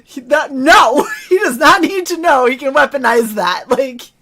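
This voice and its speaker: Laughing, animated woman telling stories. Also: sits high, a little slow. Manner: animated storyteller, laughs often, acts out voices. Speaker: stream co-host. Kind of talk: casual chat.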